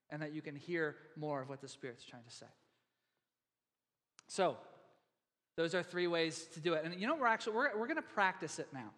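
A man preaching a sermon to his church in a relaxed, conversational way, with many fillers and restarts. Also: a little high. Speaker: pastor. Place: church sanctuary. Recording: long hall reverb in a church.

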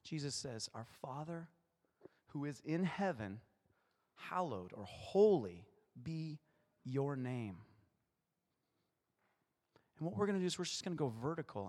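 A man's voice: medium pitch, a little mellow, long reverb tail. A male pastor preaching a playful sermon, acting out short voices in his stories.

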